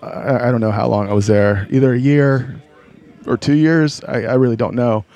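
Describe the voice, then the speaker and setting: A man's voice: mid-range voice, fairly even intonation, normal speed, warm tone, lo-fi sound. A man from North Carolina, a guest on a podcast, talking in a laid-back, hesitant way with dry humor. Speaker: guest, photographer. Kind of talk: casual interview chat.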